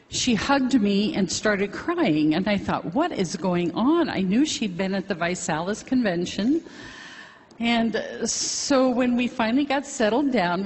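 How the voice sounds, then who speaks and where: A middle-aged woman giving a chatty, rambling, self-deprecating testimony to a convention audience. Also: mid-range voice. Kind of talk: casual spoken testimony to an audience. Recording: hall reverb, faint crowd and noise.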